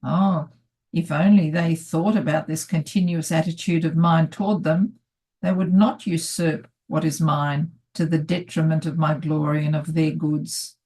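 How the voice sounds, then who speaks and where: A woman giving a steady, solemn devotional reading. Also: on the low side, husky. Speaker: reader.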